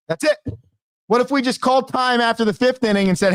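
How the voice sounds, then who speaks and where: A man's voice: very high voice, brisk, no room sound, clean studio sound. A man who coaches baseball and hosts a show, ranting in casual sports commentary, emphatic and exasperated.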